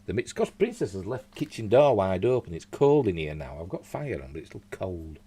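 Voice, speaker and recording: A Yorkshire-accented man hosts a laid-back news chat from home, reading stories aloud with rambling asides and slips. His deep voice is sing-song, mellow and slightly rough, moving a little fast.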